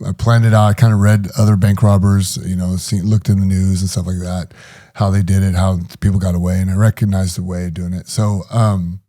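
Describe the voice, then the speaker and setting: A man's voice: low voice, warm tone. A middle-aged man telling his story in an interview, hesitant, with many fillers and restarts. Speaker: guest.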